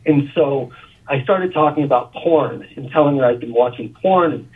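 A man with a husky, slightly worn voice, calling in to a radio show. He comes through a thin, phone-like line. He recounts a confession haltingly and often repeats words as he goes. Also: mid-range voice. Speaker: guest on a call-in radio show. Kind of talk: confessional personal story.

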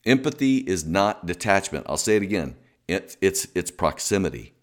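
A man's voice: low-pitched, very animated, moderate pace. A man giving an earnest Christian teaching to husbands, repeating key points for emphasis. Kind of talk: teaching talk.

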